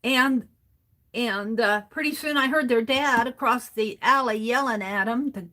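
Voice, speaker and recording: A woman's voice: on the high side, unhurried, bright, forceful tone. A woman hosting a crafting livestream, rambling through a casual story as she works and chuckling often between sentences. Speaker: art journaling livestream host.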